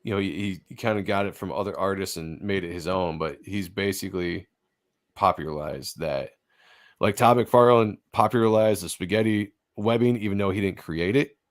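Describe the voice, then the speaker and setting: A man with a fairly low voice hosts a laid-back livestream about comic book art. He talks with easy enthusiasm and drops casual swears along the way. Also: moderate pace. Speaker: host.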